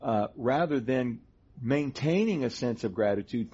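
Husky man teaching scripture. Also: mid-range voice, expressive, unhurried, dark tone. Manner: earnest, explains doctrine step by step. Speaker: co-host of a Christian teaching show. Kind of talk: conversational Bible teaching. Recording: dull lo-fi sound.

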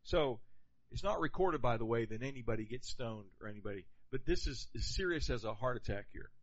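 Animated preacher, dull lo-fi sound. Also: male voice, mid-range voice, fairly quick. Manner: animated, conversational preaching with questions to the congregation. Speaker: pastor. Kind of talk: sermon.

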